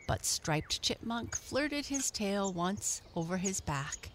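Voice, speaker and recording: A woman storyteller reading a children's story aloud in a gentle, expressive way. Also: lowish voice, takes it slowly, few pauses, background noise.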